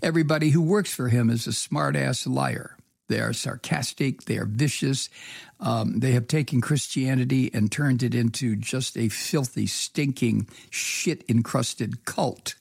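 A man's voice: medium pitch, unhurried, creaky, breathy edge, no echo, clean studio sound. An American man giving casual news commentary, angry and sarcastic, swearing, with many ums and uhs. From United States. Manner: angry, sarcastic, profane ranting with many fillers. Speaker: political commentator.

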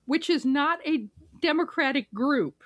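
Wry woman with a lively, higher voice. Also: measured pace, no room sound, studio quality. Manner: wry, laughs often. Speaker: podcast co-host. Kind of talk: casual political chat.

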